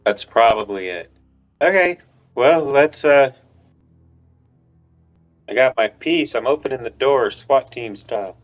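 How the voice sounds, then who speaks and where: A man playing a tabletop game, talking in a slow, laid-back way. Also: medium pitch, expressive, faint music behind. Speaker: player. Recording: dull lo-fi mic.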